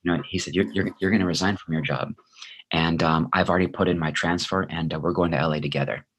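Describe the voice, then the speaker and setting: A man's voice: low-pitched, fairly even intonation, fast talker, a bit bright, breathy edge. A man being interviewed as a guest, an actor telling a personal story in an earnest, heartfelt, reflective way.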